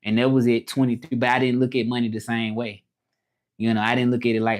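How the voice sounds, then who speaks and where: Livestreaming from his home in Mexico, a man hosts a casual stream, rambling, restarting his sentences, and reading chat comments aloud. His medium-pitched voice is flat, and he talks fast.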